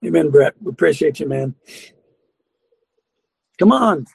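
An older man hosting a Christian call-in show speaks in a high, gravelly, husky voice. He preaches fervently and chuckles between lines. The sound is dry and close. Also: animated, measured pace, no echo. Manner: fervent, preachy, laughs often. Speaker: radio talk show host.

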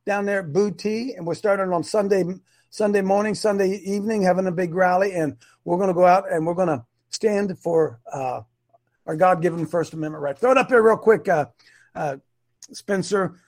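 A man's voice: high voice, moderate pace, darkish tone. A middle-aged man hosting a live online show, preaching emphatically and repeating his points. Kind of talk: fiery preacher-style live stream talk.

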